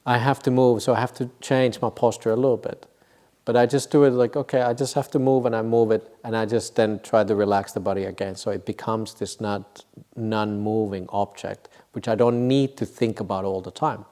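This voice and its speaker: A man's voice: fairly low pitch, steady tone, moderate pace, mellow. A man, a Buddhist monk, giving an informal dharma talk at a meditation retreat, with wry humor, rhetorical questions and frequent self-corrections.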